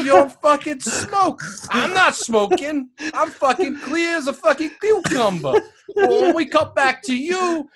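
A man's voice: very high-pitched, bright, forceful tone, full character voice. A man putting on a crude, foul-mouthed Italian-American character while dubbing over a movie, rambling and laughing through his lines. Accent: put-on stereotypical Italian-American.

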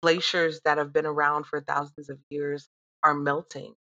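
A woman in her thirties chatting casually, animated and swearing freely as she vents and laughs. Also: low voice, moderate pace, highs cut off. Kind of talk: casual profane chat.

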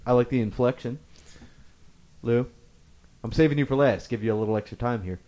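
A man hosting and judging a casual game among friends, upbeat and quick, often laughing. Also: medium pitch, warm tone, highs cut off. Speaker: game host and judge.

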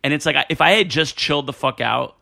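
A man telling animated stories from his school days in casual chat, with many fillers and restarts. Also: a little high, fast, creaky. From New Jersey.

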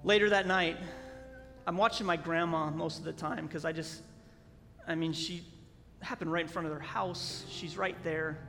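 A man preaching a sermon as a pastor, telling a story earnestly with halting restarts, in a church sanctuary. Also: on the high side, steady tone, creaky, pushed and bright. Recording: long hall reverb, faint music.

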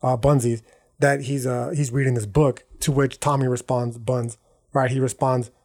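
At normal speed and with a level, darkish mid-range tone, this man hosts a podcast. His casual monologue is slangy and profane, meandering with self-corrections and check-ins like "right?" and "dog."

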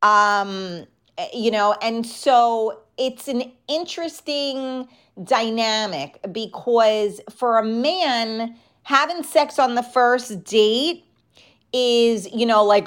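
Host: New York woman in her thirties, frank, chatty live-stream talk, unhurried delivery. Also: fairly high pitch, a bit bright, smooth. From New York, the Bronx. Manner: chatty, frank, reads and answers viewer comments. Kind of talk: casual live-stream chat.

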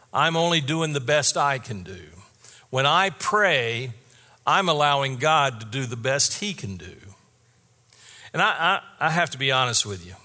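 A man preaching a sermon in an earnest, candid way, repeating his key statements slowly. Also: a little high, sharp tone, in a large hall. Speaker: pastor.

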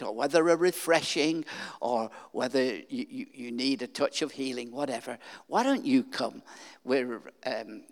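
An older man preaching a sermon in a church, speaking in an unhurried, halting way with many restarts. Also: mid-range voice. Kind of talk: sermon with altar call. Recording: long hall reverb.

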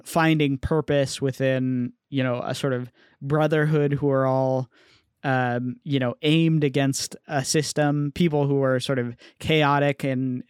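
A man's voice: mid-range voice, clean tone, dry recording, clean studio sound. A man in casual chat, thinking aloud in a hesitant, reflective way. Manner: thoughtful, hesitant, many fillers.

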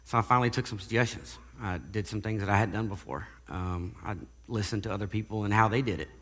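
A man giving a casual spoken testimony, halting and often repeating words as he goes. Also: fairly low pitch, a bit bright, in a large hall. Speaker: guest sharing recovery testimony.

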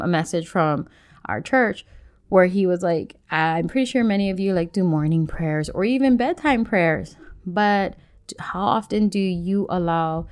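Mom podcaster chatting about faith, lowish voice, lots of "like" fillers. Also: female voice. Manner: chatty, many "like" fillers, acts out her own outbursts. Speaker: faith and parenting podcast host. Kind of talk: casual reflective monologue.

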